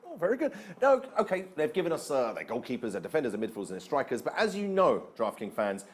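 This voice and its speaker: A man hosting a sports panel discussion, lively and quick as he puts questions to guests. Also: medium pitch. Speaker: host.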